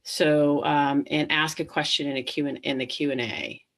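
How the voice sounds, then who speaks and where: A woman's voice: low-pitched, fairly even intonation, moderate pace, fairly bright tone. A middle-aged woman hosting a live webinar, talking casually with many ums and restarts and acting out inner thoughts. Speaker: webinar host.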